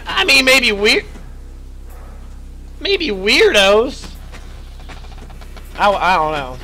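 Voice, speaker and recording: Young male streamer, high bright voice going hoarse, chatty, yelps at scares, faint hum behind. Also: sing-song, extremely slow, pauses often, poor audio. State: losing his voice, stuffy nose. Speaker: streamer playing a horror game. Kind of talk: live gaming commentary.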